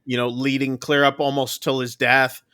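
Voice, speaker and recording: A man's voice: mid-range voice, flat delivery, normal speed, sharp tone, clear, resonant tone, no room sound, clean studio sound. A man co-hosting a podcast, casually retelling a film's plot with lots of fillers. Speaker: podcast co-host. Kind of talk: casual film review chat.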